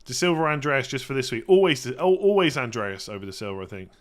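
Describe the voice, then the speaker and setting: A man hosting a casual live-stream Q&A, chatty and self-correcting, often clearing his throat. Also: mid-range voice, animated, quick pace. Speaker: fantasy football streamer.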